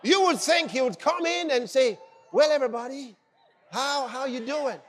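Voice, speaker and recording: Brief: male preacher, exuberant, shouts exclamations, high voice, long hall reverb. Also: normal speed, slight background noise. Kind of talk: sermon.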